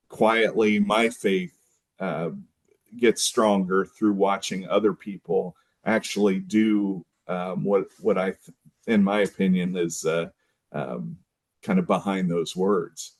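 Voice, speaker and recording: A man who is a guest on a podcast, talking thoughtfully with frequent pauses and restarts. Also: low voice, steady tone. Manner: thoughtful, hesitant, many fillers and restarts. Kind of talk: casual conversation.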